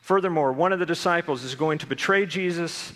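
A man's voice: on the high side, fairly quick, a bit bright, long reverb tail. A man preaching a sermon as pastor, telling a personal story and acting out the voices in his head.

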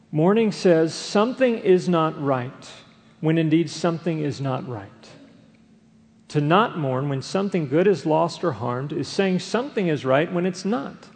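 A man preaches in earnest, leaning on repeated phrases to drive each point home. His voice sits a little higher than most men's. A long reverb trails his words through what sounds like a large church sanctuary. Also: a little mellow. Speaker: pastor. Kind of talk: sermon.

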